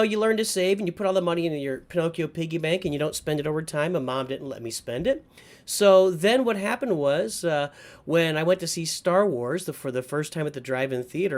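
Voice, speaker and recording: Man, middle-aged, fairly high voice, livestream host, casual rambling chat, nostalgic.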